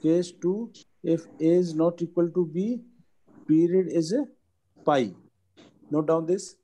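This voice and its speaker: A man, teaching a maths lesson and dictating each step slowly. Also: a little high, dark tone, low-quality recording.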